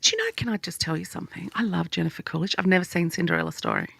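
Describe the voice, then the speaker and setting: A woman's voice: fairly low pitch, wildly swooping pitch, racing, gravelly, fairly bright tone, slightly rough, no echo. A young woman co-hosting a podcast, playful, jokey and enthusiastic in casual chat. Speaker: podcast co-host.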